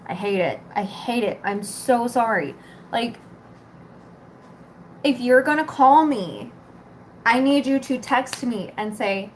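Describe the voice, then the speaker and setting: A woman's voice: a little high, expressive, slow pace, pauses often, a little hiss or hum. Exasperated, swearing young woman ranting. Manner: exasperated, profane, rambling. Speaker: vlogger. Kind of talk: casual rant to camera.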